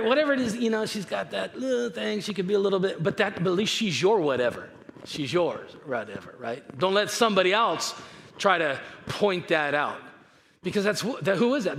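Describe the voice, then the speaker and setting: A man's voice: on the high side, a bit bright. A man from California, a pastor giving a conversational sermon, telling stories and often repeating himself. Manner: chatty, repeats himself, storytelling. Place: church auditorium. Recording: reverberant hall with faint noise.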